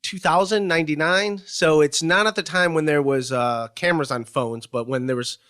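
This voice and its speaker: A man from Cleveland, Ohio, answering interview questions, telling a story in halting bursts with many fillers. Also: a little high, fairly bright tone.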